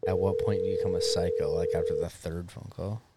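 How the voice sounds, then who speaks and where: A man's voice: sits low, flat delivery, quick pace, very noisy. A man joining a casual podcast as a guest, joking around and laughing. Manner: goofy, laughing. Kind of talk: casual chat.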